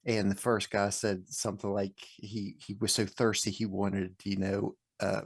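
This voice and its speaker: A man co-hosting a podcast, retelling a joke in a halting, laid-back way. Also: lowish voice, flat delivery, husky, no echo, clean studio sound. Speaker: podcast co-host. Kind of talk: casual chat.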